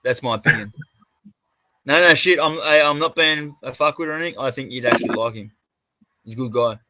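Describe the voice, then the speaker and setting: Sweary Australian bloke telling stories. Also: male voice, medium pitch, brisk, bright, forceful tone, slight background noise. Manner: sweary, rambling storyteller with many restarts. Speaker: livestream host. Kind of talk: casual livestream chat.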